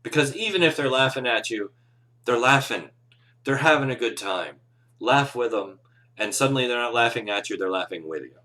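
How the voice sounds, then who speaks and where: A man's voice: medium pitch, animated, normal speed, bright, forceful tone. A man who runs tabletop games, giving casual, earnest advice on a live show with encouraging, rambling talk. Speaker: game master, podcast host.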